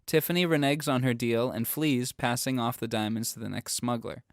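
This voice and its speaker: A man's voice: medium pitch, steady tone, normal speed, dry recording, clean studio sound. A man co-hosting a casual film podcast, reading a plot summary aloud and bantering with friends. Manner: reads plot summaries, then jokes and banters. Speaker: podcast co-host.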